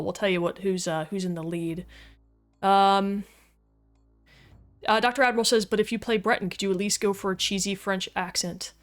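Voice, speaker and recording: A goofy, talkative woman streams a game from her desk and chats casually with viewers. Her voice sits at an ordinary middle pitch. Faint game music plays softly behind her. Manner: chatty, goofy, reads chat aloud. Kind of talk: casual livestream chat.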